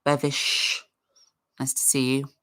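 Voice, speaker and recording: A woman's voice: very deep voice, unhurried, sharp tone. A woman hosting a casual livestream, chatting in a rambling way and greeting viewers in the chat. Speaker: livestream host.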